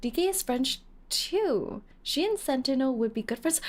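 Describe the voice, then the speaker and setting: A woman's voice: high-pitched, expressive, normal speed. A woman streamer chatting playfully with her viewers, teasing and laughing as she reads comments aloud. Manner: playful, giggly, teasing, reading chat aloud. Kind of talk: casual live-stream chat while playing a game.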